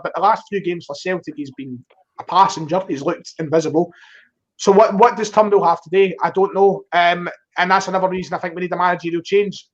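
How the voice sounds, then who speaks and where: Man, rapid and animated football-fan guest, dull call audio. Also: high-pitched. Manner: animated, self-mocking. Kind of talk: casual football chat. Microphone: online voice call.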